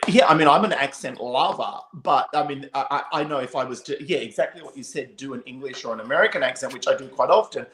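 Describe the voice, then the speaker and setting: A man's voice: mid-range voice, fast talker, few pauses, fairly bright tone, a little hiss or hum. A man co-hosting a casual chat show, emphatic and swearing freely. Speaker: co-host. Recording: roomy echo.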